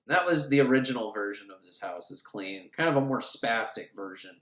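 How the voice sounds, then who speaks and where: A man's voice: mid-range voice, lively intonation, a little fast, a bit bright. A man giving a sarcastic, rambling comedic recap of a movie plot. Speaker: host recapping a film. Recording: roomy echo.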